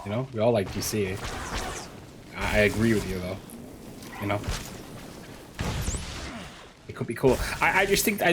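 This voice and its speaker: A man's voice: on the low side, background noise. A man streaming a game, chatting casually with his chat, stumbling over and repeating words as he rambles and swears now and then.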